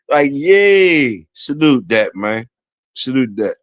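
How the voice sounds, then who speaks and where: Hosting a laid-back livestream, a man jokes around with his chat and guests in slangy, profane, repetitive talk. His voice is medium-pitched at normal speed, with no echo.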